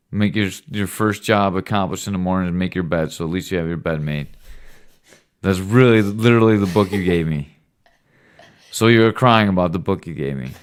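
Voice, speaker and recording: Low-voiced teasing father chatting. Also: smooth. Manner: teasing, joking, affectionate. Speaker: father hosting a home podcast with his son. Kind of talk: casual late-night chat. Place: at home.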